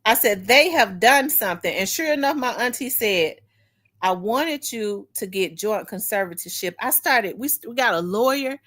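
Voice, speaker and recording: Woman host, casual storyteller, animated, voices her relatives in quotes, blunt and emotional, swears freely. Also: on the high side, normal speed. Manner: animated, acts out family members' voices. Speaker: talk show host.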